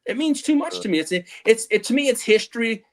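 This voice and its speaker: Man, middle-aged, very high voice, lively pitch, rambling casual stream chat. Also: brisk. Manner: rambling, animated storytelling with laughs. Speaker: show co-host.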